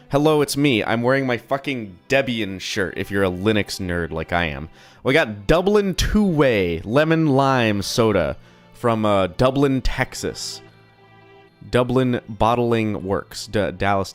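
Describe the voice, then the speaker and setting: Rambling, slightly sick young streamer man. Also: on the low side. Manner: rambling, profane, self-deprecating. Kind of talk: casual live-stream chat.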